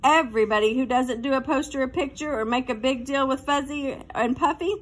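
A woman voicing an anxious, excitable fifth-grade boy who wails and gets worked up, in a storybook reading. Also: a little fast. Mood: worried. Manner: wailing, high and worked up.

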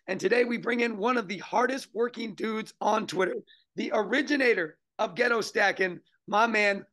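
A man hosting a rapid-fire interview show, talking in energetic, hyped-up hobby slang over a video call. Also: high voice. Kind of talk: upbeat interview intro and questions.

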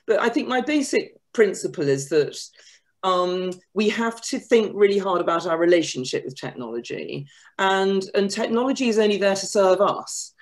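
A woman author speaking on a webinar panel over a video call, animated and self-deprecating, often restarting her sentences. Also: mid-range voice, normal speed.

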